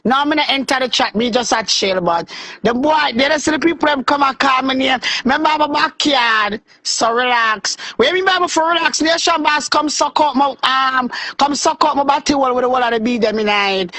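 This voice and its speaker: A woman's voice: sits high, a little fast, pushed and bright, no room sound. A woman with a Jamaican accent calling into a live stream, anxious and insistent, repeating herself. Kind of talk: agitated live-stream call.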